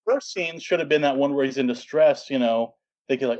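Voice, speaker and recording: A man's voice: mid-range voice, lively intonation, fairly quick, a little mellow, highs cut off. A man co-hosting a film podcast, analyzing scenes in a casual way. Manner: analytical, acts out characters' lines. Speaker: podcast co-host.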